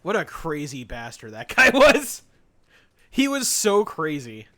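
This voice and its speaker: A man chatting casually on a live stream while gaming, telling animated, sarcastic stories and laughing often. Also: fairly high pitch, a little slow.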